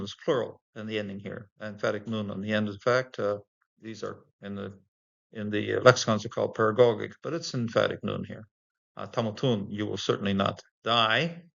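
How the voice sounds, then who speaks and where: A man's voice: medium pitch, vocal fry, fairly bright tone, muffled recording. A man teaching a Bible language lesson informally, explaining word by word with many fillers and the odd chuckle.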